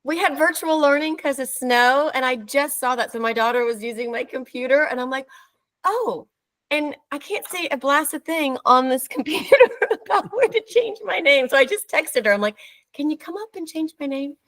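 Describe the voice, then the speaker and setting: A woman's voice: high voice, animated, moderate pace, hardly any pauses, a bit bright, low-quality recording. Tearful, gushing woman. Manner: emotional, gushing, close to tears. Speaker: former actor, guest. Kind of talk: casual video-call chat. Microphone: video call.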